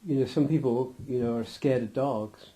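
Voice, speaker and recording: A man's voice: mid-range voice, moderate pace, dark tone. A man giving a loose, rambling interview, restarting his sentences and acting out little scenes with laughter.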